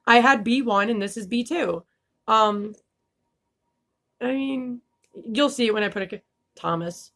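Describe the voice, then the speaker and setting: A woman's voice: fairly high pitch, unhurried, pauses often, fairly bright tone. Young woman vlogger, slight lisp, blunt and laughing, cusses casually. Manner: candid, laughing, swears freely. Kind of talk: casual vlog talk.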